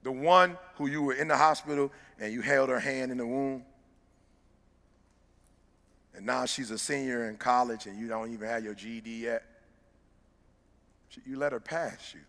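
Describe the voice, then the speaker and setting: A middle-aged man, giving a motivational speech that swings from hushed storytelling to loud exhortation. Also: medium pitch, fairly quick, vocal fry. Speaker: motivational speaker. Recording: long hall reverb.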